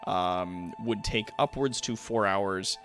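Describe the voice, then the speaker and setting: A man's voice: fairly low pitch, slow pace, a bit bright, faint music behind. A man narrating a tabletop game as game master, casual with many fillers.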